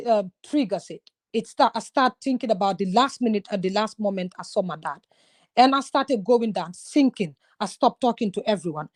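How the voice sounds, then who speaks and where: This guest, a woman from Gambia, shares her personal experiences in an easygoing conversation, speaking earnestly and confidingly. Her voice is mid-range and a little mellow.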